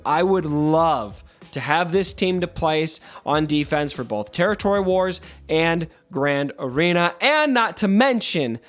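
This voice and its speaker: A man's voice: high-pitched, fairly bright tone. A man hosting a casual gaming commentary video, talking in a playfully dramatic, mock-mournful way. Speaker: gaming YouTuber host.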